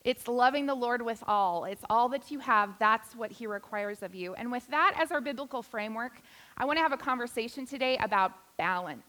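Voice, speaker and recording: A woman's voice: fairly high pitch, animated, brisk, sharp tone. A woman preaching a sermon to a church congregation, with playful, self-deprecating humor. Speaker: guest preacher. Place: church sanctuary.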